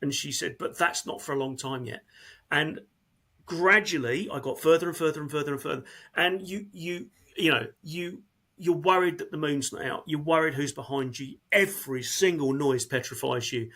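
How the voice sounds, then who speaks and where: Man, emergency-service guest, slightly high husky voice, halting candid talk with frequent restarts. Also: fairly bright tone. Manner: earnest, halting, repeats words often. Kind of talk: candid conversational interview.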